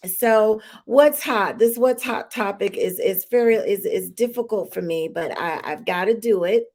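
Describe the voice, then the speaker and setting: A woman's voice: medium pitch, unhurried, darkish tone. A woman hosting a live-streamed talk show, chatty and emotional with many fillers and restarts, holding back tears. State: tearful, holding back crying.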